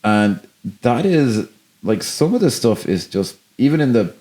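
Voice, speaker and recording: A man's voice: mid-range voice, very animated, dark tone. A man co-hosting a film podcast, chatting casually in a rambling, profane way and breaking into laughs. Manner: rambling, profane, quick to laugh and act out quotes. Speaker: podcast co-host.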